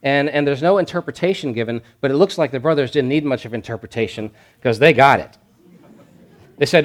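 A man's voice: medium pitch, lively intonation, normal speed, pauses often. Man preaching with emphatic repetition. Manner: emphatic, repeats key phrases for stress; reads scripture aloud with rising energy. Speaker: pastor. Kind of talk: sermon.

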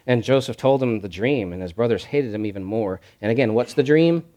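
A man preaching a sermon at a middle pitch. He hammers his points home by repeating the same phrase again and again. When he reads scripture aloud, his delivery lifts with mounting energy. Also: expressive, brisk, mellow. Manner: emphatic, repeats key phrases for stress. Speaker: pastor.

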